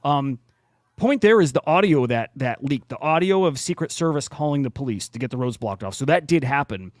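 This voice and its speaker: A man's voice: medium pitch, animated, fairly quick, no echo, studio quality. A man hosting a podcast in casual chat, blunt and profane with plenty of restarts. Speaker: podcast host.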